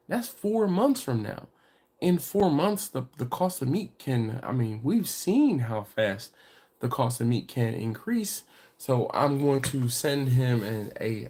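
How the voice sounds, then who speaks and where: A man's voice: mid-range voice, warm tone, breathy edge. A middle-aged man with a congested voice, hosting a barbecue channel's live stream in a casual, rambling way with many fillers and restarts.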